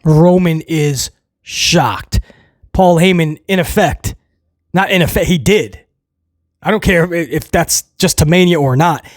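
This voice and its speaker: A man recapping a wrestling show in a casual, excitable way, rambling with restarts and chuckles. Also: on the high side, a little slow, no room sound, studio quality.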